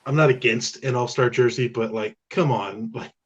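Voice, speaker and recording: A man's voice: medium pitch, normal speed. A man co-hosting a casual sports talk show in an easygoing, conversational way. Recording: slightly dull, muffled audio.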